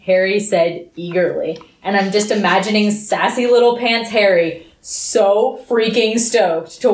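A woman in a casual book discussion, speaking earnestly and leaning on key words. Her pitch sits in the middle. The room adds a clear echo. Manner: earnest, appreciative, emphatic. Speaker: book podcast co-host. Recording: roomy echo.

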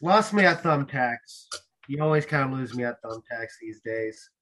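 A man co-hosting a casual podcast chat, cutting in with short, dry, teasing remarks. His voice is bright and forceful, sitting at a middle pitch. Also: animated, moderate pace. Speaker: podcast co-host.

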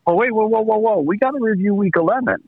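A man calling in as a regular panelist on a sports podcast, animated and emphatic. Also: high voice, fast, phone-quality sound. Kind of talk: casual sports podcast chat.

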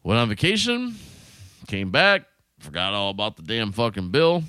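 A man spinning a casual anecdote, his pitch leaping around as he acts out each person's lines. He swears freely and talks loosely. The sound is dry and close. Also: moderate pace, clean tone, no room sound. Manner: animated, profane, acts out quotes. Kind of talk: casual storytelling.

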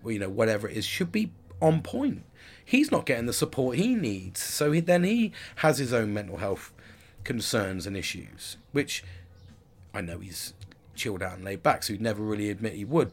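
A man in his forties talking candidly in a rambling personal monologue, with frequent restarts and casual swearing. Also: on the low side. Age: 40s.

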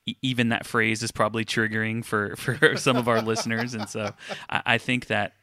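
Bright, flat-toned earnest male co-host. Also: fairly low pitch, a little fast, dry recording, studio quality. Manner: earnest, hesitant, filler-heavy. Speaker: podcast co-host. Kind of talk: casual chat.

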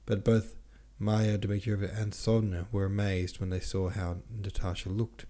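A man narrating a classic novel aloud in a measured, steady reading. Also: on the low side. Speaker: audiobook narrator.

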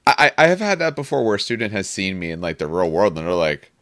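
Deep-voiced man explaining, dry sound. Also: sing-song, fairly bright tone, dry recording. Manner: explanatory, measured, teacherly. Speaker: podcast co-host. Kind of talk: casual chat.

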